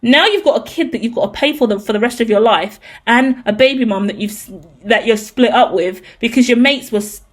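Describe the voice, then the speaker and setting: A woman with a slightly high voice talks through a tarot reading in a loose, unscripted way. She is emphatic and swears freely, and she often drifts into ranting asides. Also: fairly quick. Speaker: tarot reader. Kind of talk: casual tarot reading monologue.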